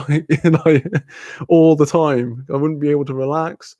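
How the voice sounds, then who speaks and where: A man's voice: a little high, steady tone, moderate pace, dark tone, no room sound. A young man chatting casually on a livestream, rambling and swearing freely. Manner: rambling, swearing, laughing often. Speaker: streamer.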